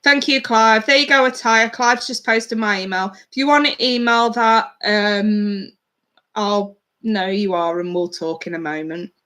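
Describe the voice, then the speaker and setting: A woman's voice: mid-range voice, fairly even intonation, a little slow, pushed and bright. A woman giving live tarot readings to her viewers in a chatty, blunt way, swearing casually. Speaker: tarot reader.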